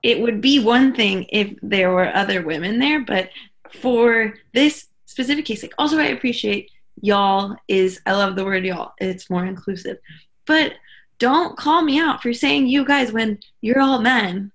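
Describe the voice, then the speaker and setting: A young woman co-hosting a podcast, chatting casually and telling animated stories with quoted asides. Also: fairly high pitch, unhurried. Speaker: podcast co-host. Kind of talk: casual chat.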